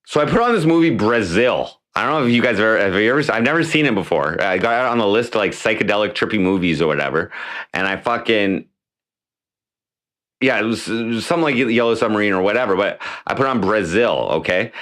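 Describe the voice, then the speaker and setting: A man's voice: on the low side, lively intonation, fast talker, fairly bright tone. Rambling, swearing man on a livestream. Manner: rambling and profane, with many restarts. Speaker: livestream host; mayoral candidate. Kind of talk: casual livestream chat. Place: at home.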